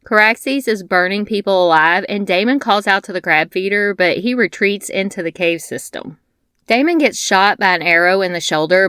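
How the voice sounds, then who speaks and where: A woman reads through an episode recap in a fairly low, smooth voice, throwing in blunt, wry asides along the way. The sound is dry and close, with no room around it. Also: fairly bright tone, no room sound. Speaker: TV recap host.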